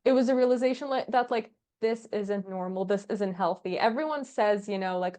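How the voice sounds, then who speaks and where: Animated woman telling workplace stories. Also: medium pitch, normal speed, hardly any pauses. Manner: animated storyteller, acts out quoted dialogue, laughs often. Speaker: podcast guest, agency founder. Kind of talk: casual interview chat.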